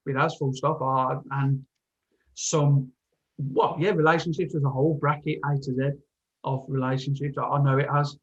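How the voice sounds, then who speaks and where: A man's voice: medium pitch, level tone, dull audio. A man in casual podcast chat, stumbling and restarting as he talks about himself. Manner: halting, stammering restarts. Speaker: podcast co-host.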